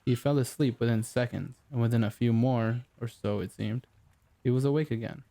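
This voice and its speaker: Gravelly, dark-voiced male audiobook narrator. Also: mid-range voice, fairly even intonation, moderate pace. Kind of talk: scripted narration.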